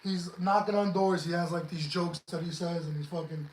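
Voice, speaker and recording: A man's voice: on the high side, fairly even intonation, fairly quick, reverberant, slight background noise, poor audio. A man chatting as a guest on a livestream, blunt and profane as he gives emphatic advice. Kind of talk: casual livestream chat.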